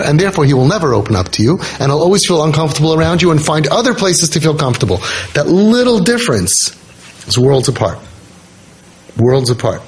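A man's voice: medium pitch, rough recording. A man hosting a parenting podcast, telling a true story in an earnest, casual way and repeating key points for emphasis.

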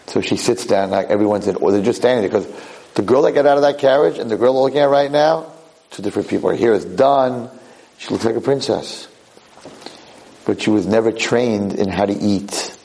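A man giving a lecture, telling a parable in an animated, conversational way. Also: on the low side, gravelly, poor audio. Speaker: Torah lecturer. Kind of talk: storytelling lecture.

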